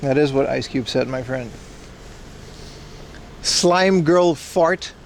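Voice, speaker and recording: Walking city streets on a casual live stream, a man talks slowly in a mid-range voice with vocal fry. He's chatty and addresses his chat directly, against a noisy outdoor backdrop.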